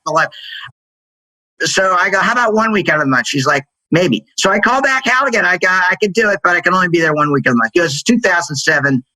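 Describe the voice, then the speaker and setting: A middle-aged man spins lively stories of his sales career, jumping up in pitch whenever he acts out what others said. His voice is bright and forceful, sitting a little high, and it is recorded dry and close with no room sound. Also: fast, no room sound, low-quality recording. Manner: animated, acts out quoted dialogue in a higher voice. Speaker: guest, sales executive. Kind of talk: storytelling interview answer.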